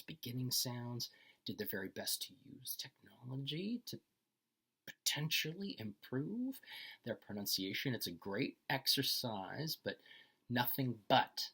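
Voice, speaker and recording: Male instructor, breathy and bright-toned, lively pitch, unhurried lecture delivery. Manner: slow, deliberate, enunciating phrases. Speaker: college instructor. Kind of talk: recorded lecture commentary.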